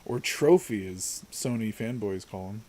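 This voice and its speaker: A man's voice: lowish voice, measured pace, a little mellow. Laid-back man chatting over a game. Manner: laid-back, rambling, laughs often. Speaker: co-host. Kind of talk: casual gaming chat.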